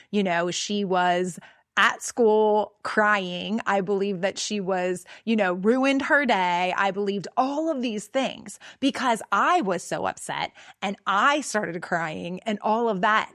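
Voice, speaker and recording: A woman's voice: mid-range voice, a bit bright, no room sound, clean studio sound. A middle-aged woman hosting a podcast, telling a personal story in an earnest, conversational way with plenty of fillers. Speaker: podcast host.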